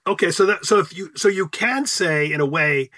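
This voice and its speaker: A man with a fairly high, bright voice hosts a relaxed chat and keeps it moving. His pitch swings widely, with a slightly husky edge. The sound is dry and close. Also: dry recording. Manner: animated, leads the segments, quick jokes. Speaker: podcast host. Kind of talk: casual chat.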